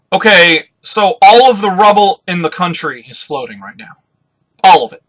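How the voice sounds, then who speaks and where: A man doing a live reaction to a new comic chapter, reading it aloud and commenting in an excitable way, swearing freely. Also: high-pitched, moderate pace.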